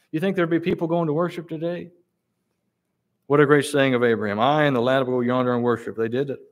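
A man preaching a sermon. He reads scripture in King James wording and presses the listeners with slow, emphatic rhetorical questions. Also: on the high side.

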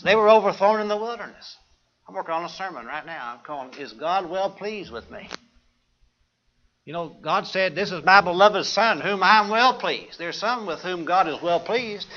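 A man's voice: high voice, bright, forceful tone, lo-fi sound. A man preaching a sermon, quoting scripture and putting questions to the congregation.

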